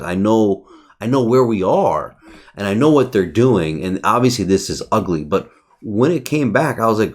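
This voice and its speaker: A man's voice: fairly low pitch, expressive, normal speed. A man reviewing his day's trades over a chart in casual, profane, brash talk. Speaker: trading educator.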